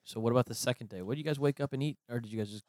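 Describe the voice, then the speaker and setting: Fast-talking joking man. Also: mid-range voice, no room sound, studio quality. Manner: joking, quick and animated. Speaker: podcast co-host. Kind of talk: casual chat.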